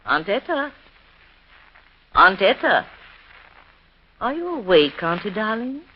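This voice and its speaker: Scheming niece, biting, very expressive pitch, muffled old broadcast, light hiss. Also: female voice, slow, husky, heavily acted. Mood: falsely sweet. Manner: scornful and biting, sugary when it suits her. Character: scheming, sharp-tongued grown niece. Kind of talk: 1930s radio drama acting. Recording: dull lo-fi 1930s radio recording.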